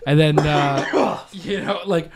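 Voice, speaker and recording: A young man with a slightly higher voice rambles through a story on a casual podcast. He swears freely and slips into little acted-out quotes along the way. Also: slow, over a noisy crowd. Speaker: podcast co-host.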